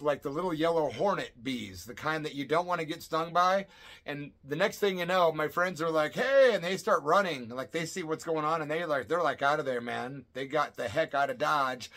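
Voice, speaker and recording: Casting note: middle-aged man, pitched a little high, relaxed slangy vlog storyteller, emphatic and chatty. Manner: loose, slangy, emphatic retelling with fillers like "man" and "folks". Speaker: channel host telling a personal story. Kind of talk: casual storytelling to camera. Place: home at night.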